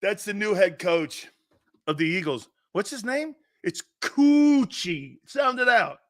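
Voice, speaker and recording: Give me a giggly man hosting a live sports talk show, with a high voice and an unhurried pace. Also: big pitch swings, fairly bright tone. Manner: giggly, joking, keeps breaking into laughter; reads and answers viewer comments by name.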